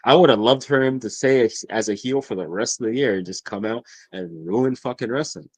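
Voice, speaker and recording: A man chatting as a podcast guest, excitable and profane, laughing often as he talks. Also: medium pitch, a little fast. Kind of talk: casual chat.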